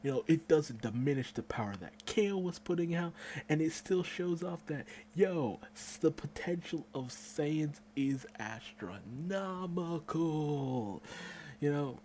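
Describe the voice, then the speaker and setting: A man giving a casual, excitable manga chapter review, swearing freely and acting out the characters' lines. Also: fairly high pitch, unhurried, a little hiss or hum.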